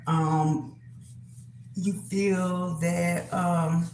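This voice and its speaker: A woman hosting her own channel, talking casually to viewers in a halting way, with many pauses and fillers and frequent throat-clearing. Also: fairly low pitch, fairly even intonation, a little mellow, reverberant, faint music behind, low-quality recording. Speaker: spiritual reader, channel host. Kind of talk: casual monologue to camera.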